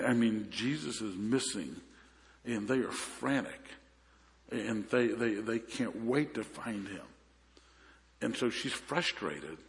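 A man's voice: fairly low pitch, long reverb tail. A man preaching a sermon as pastor, telling stories in a conversational way with frequent restarts. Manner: conversational storytelling with repeated restarts.

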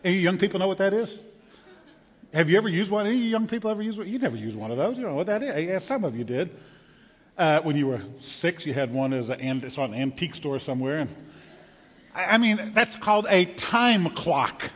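Guy preaching a sermon, kinda high voice, muffled and echoey like a big church. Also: fairly quick, slightly rough. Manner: animated, conversational preaching with acted-out quotes. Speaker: pastor.

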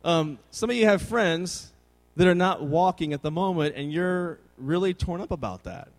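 Animated youth pastor preaching. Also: male voice, sits high, normal speed. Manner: animated storytelling, conversational. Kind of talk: sermon.

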